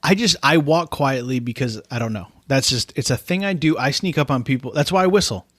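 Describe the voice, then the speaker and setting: A young man cracks jokes and teases his co-host in loose podcast chat. His voice sits at a middle pitch, close on a dry microphone. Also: expressive, a little fast, fairly bright tone, dry recording. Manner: wisecracking, teasing. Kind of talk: casual joking chat.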